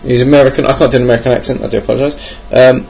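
Male podcast host, young, gravelly and husky, rambling self-mocking chat. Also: mid-range voice, level tone, very fast, darkish tone. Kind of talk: casual podcast monologue. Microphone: home computer mic.

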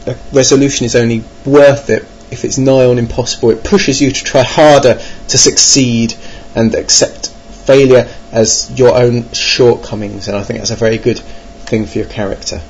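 This board game vlogger from England speaks at normal speed with few pauses and fairly even intonation, his medium-pitched voice a little mellow. Still, his rambling monologue about gaming plans is wry, self-mocking, and hesitant, full of ums. The recording is dull and lo-fi, with faint noise.

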